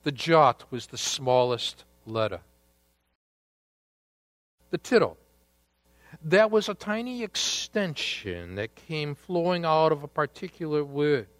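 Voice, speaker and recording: A man preaching a sermon, deliberate and emphatic, with dramatic pauses. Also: on the high side, very animated, fairly bright tone, no echo. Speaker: pastor.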